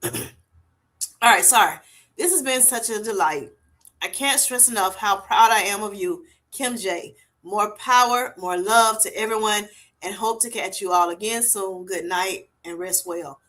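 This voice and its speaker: A woman's voice: mid-range voice, normal speed, a bit bright. A woman hosting a casual livestream, chatty, filling her talk with "you know" and "y'all" as she reads viewer comments aloud. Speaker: livestream host.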